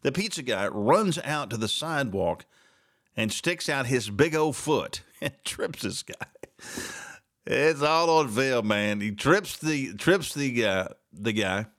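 A man's voice: mid-range voice, lively intonation, slow, fairly bright tone. A man hosting a solo talk show, giving opinionated commentary with sarcastic, mocking asides and many repeated words.

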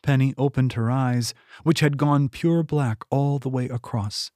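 A man's voice: medium pitch, a little slow, no room sound. Man narrating an audiobook, dry sound. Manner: steady, even storytelling. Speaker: author reading his own novel.

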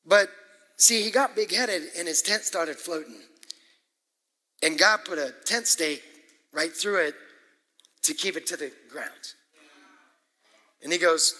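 A man preaching a sermon as pastor, animated and emphatic, with asides and quick laughs. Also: on the high side. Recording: echoey hall with long reverb.

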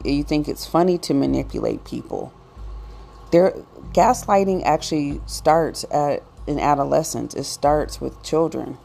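A woman's voice: sits low, creaky, a little mellow. A woman giving a preachy, emphatic monologue to camera. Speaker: vlogger. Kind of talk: ranting monologue.

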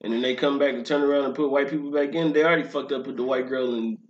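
A young man in casual chat, animated and profane, often breaking into laughter. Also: medium pitch, quick pace. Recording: roomy, slightly dull lo-fi sound.

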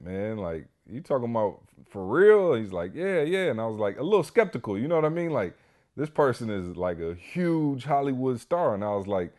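Lower-voiced man telling a story. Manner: animated, heavy use of "you know" and "like". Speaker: podcast co-host. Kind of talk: casual storytelling chat.

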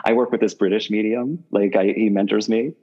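A man with a very low voice talks through a slightly dull, lo-fi line. He speaks loosely and casually, circling and restarting his sentences, and livens up when he tells a story. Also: brisk. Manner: rambling, restarts phrases often, animated when telling stories. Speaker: guest medium. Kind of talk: casual conversational interview.

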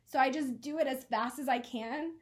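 A young woman in her twenties, a podcast co-host, telling a personal story in an earnest, emotional way. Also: high-pitched. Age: 20s. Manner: earnest, emotional, quick laughs. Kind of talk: casual chat, personal story.

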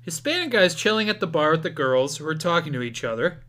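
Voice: mid-range voice, very animated, fast, pushed and bright. A podcast co-host casually recapping a horror movie scene by scene, joking and acting out the lines. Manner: jokey, narrates scenes and acts out the lines.

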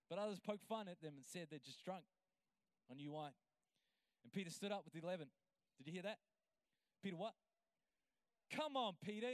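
A man, a pastor, preaching a sermon with energy that builds toward near-shouting and acting out prayers in his own voice. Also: sits high, clear, resonant tone, no room sound. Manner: acts out prayers and quotes in voice.

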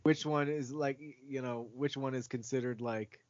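A man's voice: medium pitch, steady tone, normal speed, a little mellow, no room sound, lo-fi sound. A man co-hosting a podcast, talking casually and rambling with lots of fillers and restarts. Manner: rambling, many likes and restarts. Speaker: podcast co-host. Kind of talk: casual chat.

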